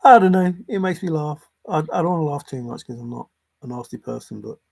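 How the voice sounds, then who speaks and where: The treasure-hunt vlogger here talks briskly in a highish, creaky voice that is darkish and slightly rough. Alone and unscripted, he sounds sarcastic and exasperated, swearing and hammering phrases through repetition.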